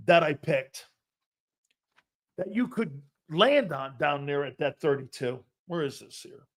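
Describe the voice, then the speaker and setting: Brief: male sports talk host, slightly high voice, loud, animated, jokey. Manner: loud, animated, jokey, talks straight to viewers. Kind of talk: live-stream sports talk reading chat.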